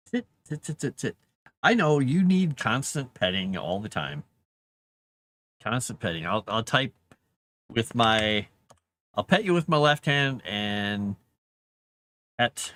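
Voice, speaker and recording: Guy on a live writing stream, chatting to his dog, voice bouncing up and down a lot. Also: mid-range voice. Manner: talks softly to his dog between musings. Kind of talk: casual live-stream chat.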